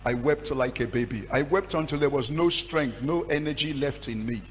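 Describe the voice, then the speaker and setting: Impassioned pastor in an echoing hall. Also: male voice, normal speed. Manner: impassioned storytelling with sudden surges in pitch and volume. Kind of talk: testimony sermon. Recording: long hall reverb with faint hum.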